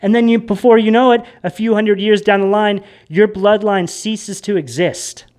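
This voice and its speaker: A man's voice: high-pitched, fairly even intonation, moderate pace, darkish tone. A man giving a casual tarot reading in a rambling, emphatic way that gets worked up. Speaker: tarot reader.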